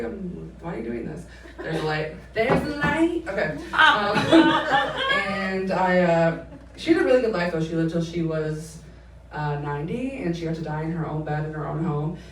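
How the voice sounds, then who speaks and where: A woman in her twenties performing a stand-up comedy set, telling stories in an animated way and acting out the voices of the people in them. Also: lowish voice, heavy background noise. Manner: animated storytelling that acts out quoted voices, laughing between lines. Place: comedy club stage. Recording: roomy live club sound, mic at a distance, loud audience.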